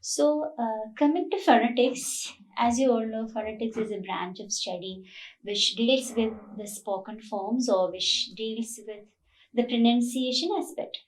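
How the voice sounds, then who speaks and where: A woman college lecturer, explaining slowly and rephrasing herself, with many "so" and "uh" fillers. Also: a little high, fairly even intonation. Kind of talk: recorded online lecture. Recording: roomy echo, mic at a distance.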